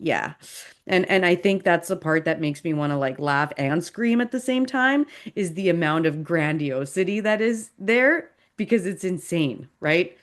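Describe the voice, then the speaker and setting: Female podcast host with a lower pitch, sarcastic and animated, doing casual commentary. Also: a little slow.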